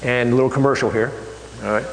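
A man's voice: mid-range voice, steady tone. Folksy man preaching in an echoey hall. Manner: folksy, halting, with many fillers. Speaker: lay preacher. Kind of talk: sermon. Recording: echoey hall with faint hum.

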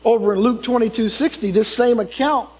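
A man preaching a sermon, turning dramatic as he swings from loud emphasis to hushed tones and puts questions to the congregation. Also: extremely high pitch, brisk, slightly rough, rough recording.

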